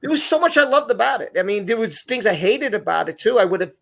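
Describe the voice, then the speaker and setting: A man's voice: sits high, lively intonation, fast, creaky, a bit bright. A man hosting a live online show, talking casually and rambling with many restarts and repeated words. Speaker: podcast host.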